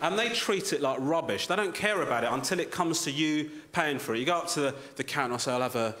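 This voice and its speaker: A man doing a stand-up routine, with animated, mock-indignant rants. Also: a little high, fast. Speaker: stand-up comedian. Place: theatre stage before a live audience. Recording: echoey theatre with loud crowd.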